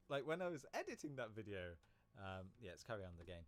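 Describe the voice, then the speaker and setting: A man's voice: fairly low pitch, sing-song, quick pace, soft background music. Chatty man streaming a game. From Britain. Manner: rambling, chatty, laughs easily. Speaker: live streamer. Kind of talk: casual game stream chat.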